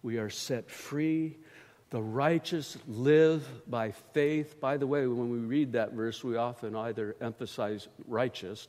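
A man preaching a sermon in a church, slow and emphatic, swelling loud on key phrases and dropping low between them. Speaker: pastor. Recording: reverberant church hall.

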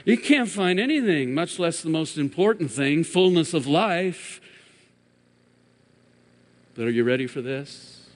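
A man preaching a sermon as pastor, swinging from emphatic raised peaks to hushed, quiet drops. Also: fairly high pitch, expressive, unhurried, pauses often. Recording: long hall reverb.

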